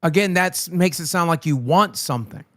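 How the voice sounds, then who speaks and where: An American man hosting a livestream, brash and profane, mocking his guest in loud banter. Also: on the high side, moderate pace, no echo, clean studio sound. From United States. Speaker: host.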